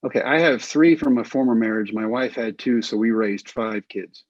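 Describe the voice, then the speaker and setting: A middle-aged man from Texas, a former baseball pitcher, telling stories in a casual interview and acting out the voices of other people. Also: moderate pace, no echo, dull audio. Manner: animated, acts out quoted voices.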